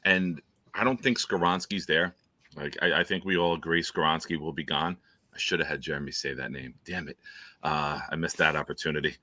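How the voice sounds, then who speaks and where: A man's voice: rumbling low, fairly even intonation, a little fast, bright, forceful tone, no echo. A man hosting a casual football talk show, laid-back and joking. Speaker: host. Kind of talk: casual chat.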